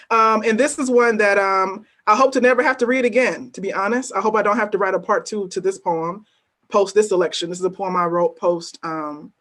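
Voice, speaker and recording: Woman poet, spoken-word reading, measured and weighty delivery, pointed repetitions, mid-range voice. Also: mid-range voice, fairly bright tone. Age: adult working as a teacher. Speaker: poet at an open mic.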